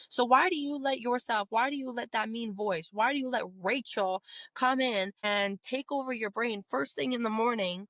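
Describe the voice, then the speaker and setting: A woman's voice: on the high side, normal speed, fairly bright tone, no room sound. A young woman hosting a self-help podcast, talking straight to the listener in an earnest, coaching way. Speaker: podcast host. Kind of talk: motivational self-help talk.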